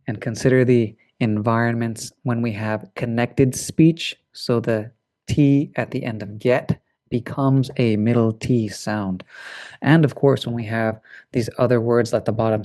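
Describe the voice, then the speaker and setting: A man with an American accent teaching pronunciation, reviewing a lesson and slowly modeling sounds and repeating practice drills. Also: mid-range voice, dark tone. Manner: slow, deliberate, repeats drills and sounds out words.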